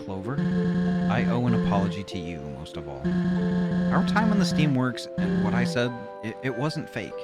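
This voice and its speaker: A man voicing a grieving, remorseful fox woman, speaking haltingly and apologetically. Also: medium pitch, big pitch swings, lightly acted. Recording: loud game music behind. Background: game music.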